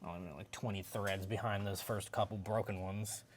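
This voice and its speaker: A man's voice: lowish voice, steady tone, normal speed. A man talking casually and profanely while working on his car, often trailing off and restarting his sentences. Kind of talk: casual garage vlog.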